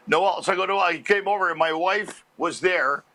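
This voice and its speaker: A comedian from Montreal tells stories as an interview guest, animated and quick to laugh. His voice is high and bright, pushing through each anecdote. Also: poor audio. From Montreal, Canada. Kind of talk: storytelling interview chat.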